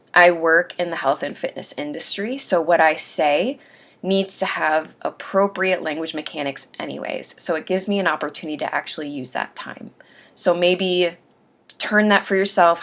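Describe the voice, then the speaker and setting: A woman talking earnestly about getting used to dentures, pausing between phrases as she gives advice. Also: on the low side, fairly bright tone. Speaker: host sharing denture aftercare advice. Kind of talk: casual instructional talk.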